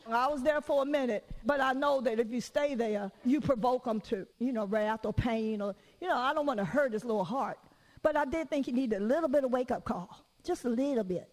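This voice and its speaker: A woman's voice: a little high, long reverb tail. A middle-aged woman preacher giving a conversational sermon, telling stories, acting out what people said and adding joking asides. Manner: storytelling, acts out quoted voices, joking asides.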